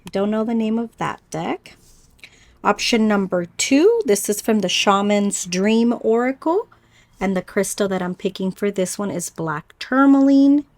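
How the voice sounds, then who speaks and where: Gentle woman giving a card reading. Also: mid-range voice. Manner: gentle, reflective, speaks to viewers as "you guys"; unhurried with pauses and small stumbles. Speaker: oracle card reader. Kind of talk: pick-a-card spiritual reading.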